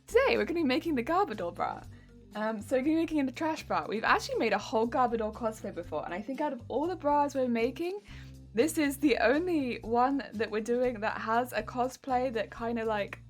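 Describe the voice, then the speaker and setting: Hoarse woman streamer losing her voice. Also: on the high side, animated, fairly quick, faint music behind. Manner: wheezy, cracking voice, chatty and self-mocking. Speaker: craft streamer. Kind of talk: casual live-stream chat.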